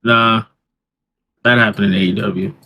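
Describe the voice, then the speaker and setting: A man's voice: fairly low pitch, steady tone, unhurried, sharp tone. A man co-hosting a wrestling podcast in casual chat, joking and mocking as he acts out other people's voices. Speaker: podcast co-host.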